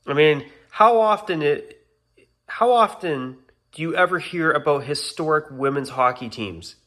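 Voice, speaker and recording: A man's voice: a little high, animated, a little slow, a bit bright. A man talking casually to his channel's viewers, ranting in exasperation and apologizing now and then. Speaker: YouTuber. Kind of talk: casual vlog rant.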